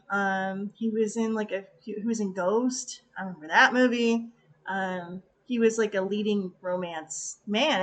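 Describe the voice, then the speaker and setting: A woman's voice: medium pitch, fairly bright tone. Chatty valley girl accent lady rambling about stuff, lots of ums and little tangents. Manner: rambling, chatty, many fillers and self-asides. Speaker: artist and video creator. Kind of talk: casual chat.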